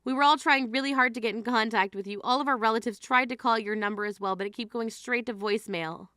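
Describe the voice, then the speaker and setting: A woman's voice: on the high side, quick pace, bright, forceful tone, no room sound, studio quality. A woman voicing a grieving adult sister who scolds her sibling in an exasperated, indignant way, in a dramatized text-message story. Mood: stern.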